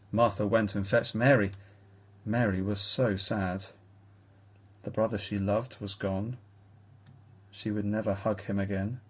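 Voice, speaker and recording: A man reading a children's Bible story aloud in a slow, tender storytelling manner. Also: fairly low pitch, steady tone. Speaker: reader.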